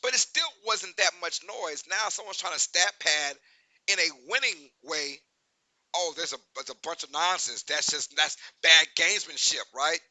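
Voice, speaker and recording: A man hosting a sports talk show, giving animated, emphatic opinions and often asking "right?". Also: fairly high pitch, normal speed, dry recording, rough recording.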